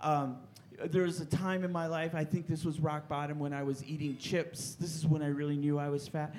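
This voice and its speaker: A man hosting and performing live stand-up comedy on a club stage with a handheld mic, loud, animated and self-mocking. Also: fairly high pitch, brisk. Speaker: comedy show host and comic.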